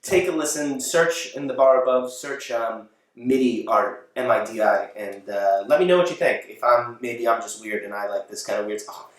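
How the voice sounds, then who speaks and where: A man delivers a loose late-show-style monologue from his apartment, rambling and catching himself mid-sentence with little chuckles. His voice sits at an ordinary middle pitch. The recording rings with heavy room echo, and the mic sits well away from him. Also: moderate pace. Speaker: host of a home talk show. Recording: very echoey room, mic far off.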